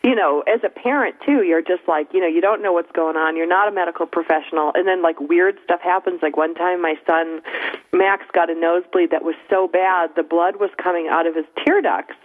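A woman's voice: fairly low pitch, fairly even intonation, a little fast. A middle-aged woman hosting a radio talk show, chatting casually and acting out quotes as she tells stories. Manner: chatty storyteller, acts out quotes. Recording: tinny phone-line radio audio.

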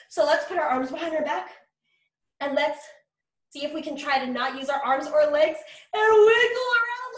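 A woman's voice: high-pitched, normal speed, reverberant. A woman teaching preschoolers over a video call, cheerful and sing-song, leading movement games. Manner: cheerful, sing-song, drops to a whisper for quiet parts. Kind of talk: online circle time for young children.

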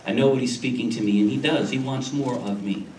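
A man's voice: mid-range voice, a little fast, a little mellow, slight background noise. A male pastor preaching a sermon, repeating phrases and asking "Amen?" to the congregation. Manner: preaching with frequent "Amen?" checks and repetition. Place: church sanctuary. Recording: roomy, distant church recording.

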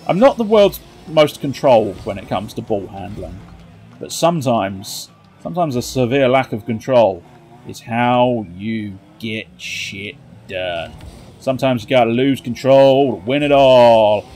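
A man with a jokey, excitable manner, commentating his own car football match and cheering on his teammates. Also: mid-range voice, a little slow, soft background music. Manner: excitable, cheering on teammates with shouts and silly jokes. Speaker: gaming commentator.

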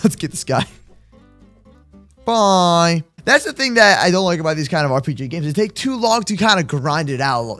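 A young man with a high, bright, sharp voice gives excitable gameplay commentary. His pitch swings widely as he yells at enemies and laughs, while light music plays underneath. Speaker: gaming YouTuber.

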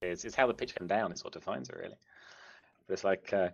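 A man's voice: deep voice, fast talker, vocal fry, slightly rough, lo-fi sound. A man joking around and laughing in a casual group voice chat.

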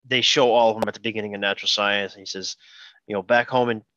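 A man's voice: fairly low pitch, fairly even intonation, fast talker, sharp tone, no echo, lo-fi sound. A man hosting a podcast, chatting casually about concert videos, rambling and correcting himself as he goes. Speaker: podcast host. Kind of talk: casual chat about music.

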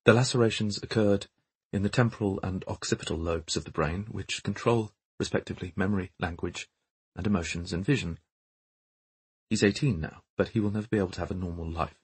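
A man voicing a calm, matter-of-fact middle-aged mother who speaks quietly and precisely. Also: low voice, fairly quick, husky, dry recording. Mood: composed.

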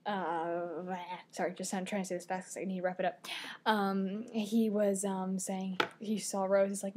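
A teenage girl chats to her camera in a loose, rambling way, getting excited and stumbling over her own sentences as she backtracks. Her voice sits at an ordinary middle pitch for a young woman. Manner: rambling, excitable, self-correcting. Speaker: vlogger. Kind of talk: casual chat.

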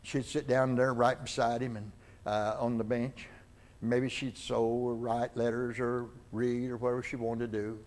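A man's voice: mid-range voice, level tone, moderate pace. An older man preaching, telling a long personal story and acting out the voices of the people in it as he goes. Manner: acts out dialogue in the story, with rises and falls in loudness. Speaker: pastor. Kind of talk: sermon storytelling. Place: church sanctuary.

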